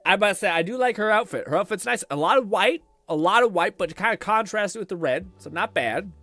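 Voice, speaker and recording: A man hosting a casual reaction stream, talking bluntly and swearing freely. His voice sits high for a man and swings widely in pitch as he reacts, with faint music underneath. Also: fairly quick, no echo. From Canada. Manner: animated, swears, laughs often, blunt.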